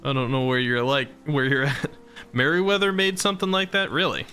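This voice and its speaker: Male streamer, chatty and laughing, talks to viewers; bright, punchy tone, soft music underneath. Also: medium pitch, fairly quick. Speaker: VTuber streamer. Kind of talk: casual live-stream chat.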